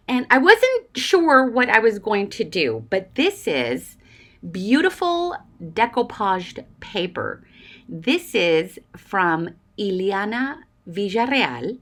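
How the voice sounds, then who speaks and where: A woman in her forties chats through a casual craft vlog, gushing with thanks and laughing often. Her voice sits at a middle pitch and swings widely up and down as she talks. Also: very animated, takes it slowly, fairly bright tone. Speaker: junk journaling crafter. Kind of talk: casual craft vlog, opening happy mail.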